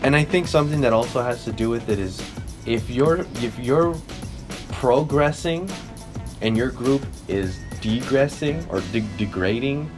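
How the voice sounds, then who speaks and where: A man's voice: mid-range voice, expressive, unhurried, music in the background. A young man co-hosting a podcast, telling stories in a loose, rambling way with swearing and self-corrections. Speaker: podcast co-host. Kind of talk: casual chat.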